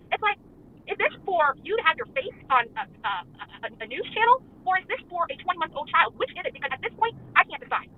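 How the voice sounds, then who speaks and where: Female guest on a phone line, rapid indignant venting, high lively voice. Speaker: guest on a stream. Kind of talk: casual chat over the phone. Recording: tinny phone line, faint hiss.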